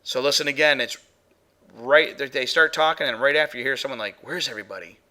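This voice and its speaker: A man's voice: mid-range voice, steady tone, a little fast, pushed and bright, slight background noise. A man hosting a live paranormal stream, chatting casually as he plays and reviews audio clips with his chatroom. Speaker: paranormal show host.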